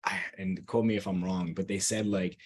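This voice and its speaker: A man speaking as a podcast guest, telling stories in an excited, emotional way with many restarts. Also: deep voice, moderate pace, husky. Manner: excited, emotional, stammering storyteller. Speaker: guest coach. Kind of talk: casual podcast chat.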